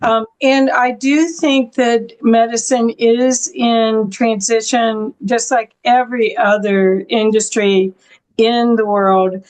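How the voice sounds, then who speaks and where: A woman hosting an interview, speaking in a measured way with frequent pauses. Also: on the high side, steady tone, a little mellow. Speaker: interview host. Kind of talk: interview talk.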